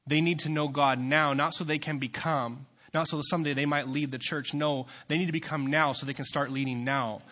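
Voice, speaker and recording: Young male youth pastor, bright forceful tone, sermon delivery with fervent peaks and quiet asides. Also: fairly high pitch, steady tone, brisk, hardly any pauses. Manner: swings from quiet asides to loud, fervent preaching.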